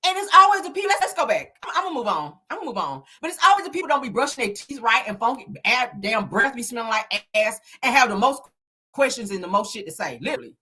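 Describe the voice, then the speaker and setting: A woman's voice: fairly high pitch, quick pace, slightly rough. Sassy, laughing woman gossip host. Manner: sassy, laughing, profane, talks to viewers as y'all; animated, dramatic emphasis. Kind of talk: casual gossip commentary.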